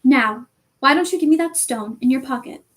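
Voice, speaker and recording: A menacing dark wizard who snarls and hisses his threats, as a woman reads him. The voice sits a little high and stays cold and cruel throughout this storybook reading. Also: normal speed.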